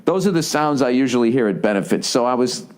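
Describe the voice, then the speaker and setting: A man's voice: mid-range voice, expressive, fast. A man in his forties hosting a solo podcast, telling a long, profane, self-deprecating story full of restarts and asides. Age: 40s. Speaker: podcast host.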